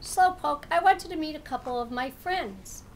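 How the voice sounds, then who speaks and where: A woman's voice: high voice, expressive, normal speed, slight background noise, pitched above the performer's own voice. A woman voicing a friendly, curious big fuzzy orange cat in a storybook reading, with an eager, chatty manner.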